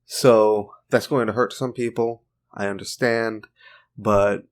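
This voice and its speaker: A man's voice: fairly low pitch, fairly even intonation, slow pace. A man giving a casual opinion monologue for a video, informal and chatty with joking side remarks. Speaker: video commentator.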